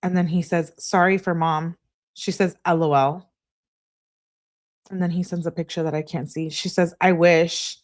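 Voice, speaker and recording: A woman on a live stream reading text messages aloud in a steady voice, breaking off to answer her chat. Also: fairly low pitch, normal speed. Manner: flat reading, asides to chat.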